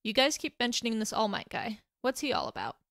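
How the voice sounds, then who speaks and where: A woman's voice: on the high side, fast talker, a bit bright, dry recording, clean studio sound. A woman voicing an awkward, nervous young man who drives and hides a secret, apologetic and a bit too eager.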